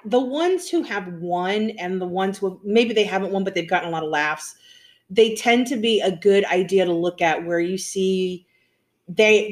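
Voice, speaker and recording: Frank, opinionated woman chatting casually. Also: mid-range voice. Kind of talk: casual chat.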